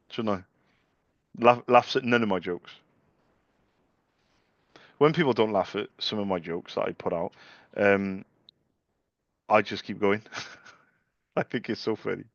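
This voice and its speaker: A man's voice: lowish voice, a little slow, long pauses, fairly bright tone, no room sound. A young man in an office, bantering cheekily with phone sales contacts and laughing at his own jokes. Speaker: salesperson cold calling. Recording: dry, dull lo-fi sound.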